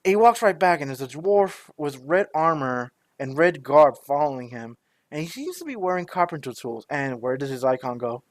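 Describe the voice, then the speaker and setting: A man running a tabletop game as game master, chatty and halting as he narrates. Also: on the high side, expressive, no room sound. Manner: chatty, halting, searches for words.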